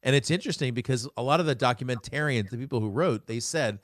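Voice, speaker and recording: A man's voice: medium pitch, fast, no echo, clean studio sound. A man hosting an interview show, chatting casually and telling rambling jokey stories. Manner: joking, rambling storyteller. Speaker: podcast host.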